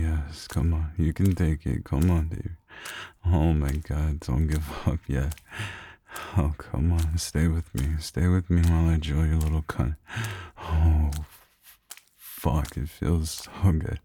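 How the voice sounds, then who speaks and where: An exceptionally deep male voice, rough and gravelly, delivering an intimate audio role-play close to the microphone. He murmurs at a slow, unhurried pace with a husky edge. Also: steady tone, slight background noise. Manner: low, close, murmured delivery with soft chuckles. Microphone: close microphone, speaking near the ear.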